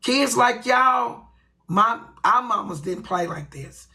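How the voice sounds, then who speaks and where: A woman's voice: on the high side, lively intonation, takes it slowly, sharp tone, poor audio. A woman hosting her own livestream, ranting bluntly and with lots of profanity. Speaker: livestream host. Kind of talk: ranting live stream.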